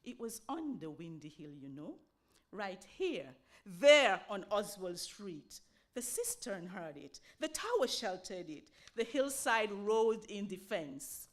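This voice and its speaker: A woman giving a slow, solemn, expressive reading of a poem. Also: medium pitch. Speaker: poetry reader. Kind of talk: dramatic poetry reading.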